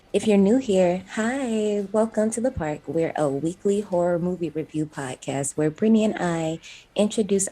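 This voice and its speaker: A woman's voice: lowish voice, mellow. A woman hosting a casual horror podcast, upbeat and teasing as she chats with her co-hosts. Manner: upbeat, teasing, laughs often. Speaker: podcast host.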